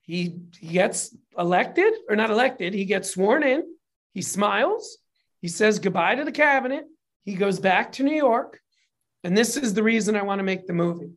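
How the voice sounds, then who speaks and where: Profane, animated casual storyteller. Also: mid-range voice, moderate pace. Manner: gets emotional while telling it. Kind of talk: casual chat.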